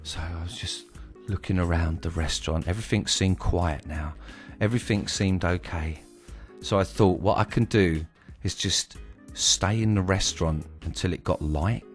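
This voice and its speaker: A young man casually telling a personal story, animated and vivid, swearing freely. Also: sits low, normal speed, faint music behind.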